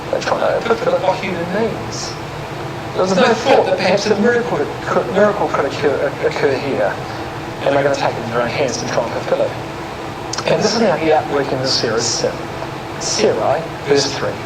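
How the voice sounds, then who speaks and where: High-voiced man giving a Bible talk. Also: lively intonation, fairly quick. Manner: rhetorical questions, reads verses with stress. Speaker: Bible speaker. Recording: echoey room with loud air-conditioning hum.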